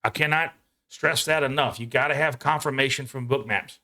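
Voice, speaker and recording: Excitable man narrating his live trades. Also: mid-range voice. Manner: excitable, talks fast to himself while trading, swears casually. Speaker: day trader hosting a live trading stream. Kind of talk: live trading commentary. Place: home.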